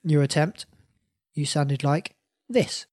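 A man hosting a playful party game, laughing often as he runs each round. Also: dry recording. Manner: slow, lively pitch, laughs often. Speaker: game host. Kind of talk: playful game-show chat.

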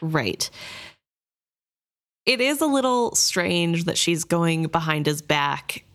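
A woman's voice: fairly low pitch, big pitch swings, takes it slowly, fairly bright tone. A woman co-hosting a casual book discussion, chatty, often saying "like" and laughing easily.

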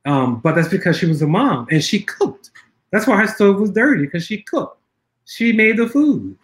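As a guest filmmaker in an interview, a man with a notably high, sing-song voice tells stories casually and animatedly at a moderate pace. He laughs often, restarts sentences, and imitates people's voices when quoting them.

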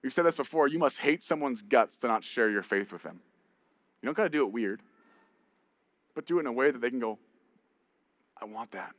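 A male pastor preaching in a mid-pitched voice, swinging from forceful emphatic peaks to hushed storytelling. The sound is dry and close, with no room echo. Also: lively intonation, brisk, long pauses. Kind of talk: sermon.

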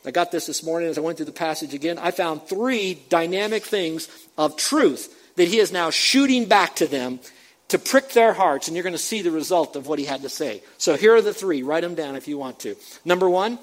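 A man preaching a sermon, stressing his points loudly, dropping to quiet asides, and breaking into the scripture he reads with comments. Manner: emphatic, swinging between loud punches and low asides. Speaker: pastor.

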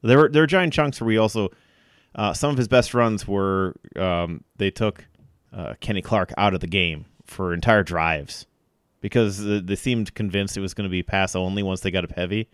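A man co-hosting a casual sports podcast, giving blunt, quick, opinionated football analysis. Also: deep voice, clean tone, no room sound, studio quality. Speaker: podcast co-host.

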